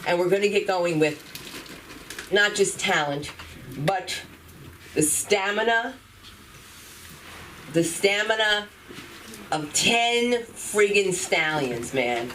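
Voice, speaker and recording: A woman's voice: mid-range voice, lively intonation, slow, long pauses, fairly bright tone. A woman hosting a live comedy show, talking in a brash, playful way with cursing. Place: comedy venue. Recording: distant mic with noticeable room noise.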